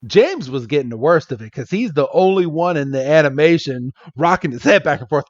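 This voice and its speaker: A man's voice: on the high side, expressive, brisk, hardly any pauses, dry recording, lo-fi sound. A man hosting a podcast, playfully recapping an episode and acting out the characters' lines. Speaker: podcast host.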